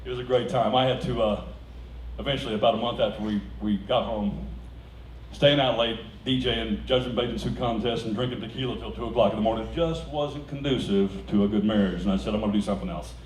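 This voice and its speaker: Captured by a distant mic in an echoey hall with faint noise behind, a man in a mid-range voice gives a storytelling speech at a celebration. He tells his anecdotes with animation to the live audience and laughs through the punchlines.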